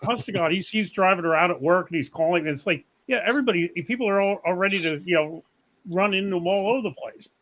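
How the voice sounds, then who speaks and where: Dry, wry man, slightly high voice. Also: fast, a bit bright, poor audio. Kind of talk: casual chat.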